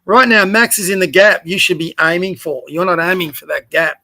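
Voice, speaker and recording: A high-voiced man goes over a youth basketball game late at night, tired but still keen. His bright tone stays direct as he corrects mistakes and praises good plays by name. It sounds like a casual coaching review. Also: steady tone, a little fast. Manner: direct, corrective, encouraging, addresses players by name. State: tired, yawning. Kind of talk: casual video review commentary.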